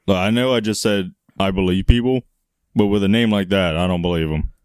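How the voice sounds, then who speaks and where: A man's voice: sits low, brisk, darkish tone, smooth, dry recording, clean studio sound. A man co-hosting a casual comedic chat who makes crude jokes and laughs a lot. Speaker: podcast co-host.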